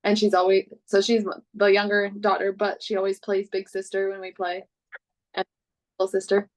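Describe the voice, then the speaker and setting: A woman's voice: medium pitch, monotone, moderate pace, poor audio. Chatty mother on a coaching call. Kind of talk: casual chat.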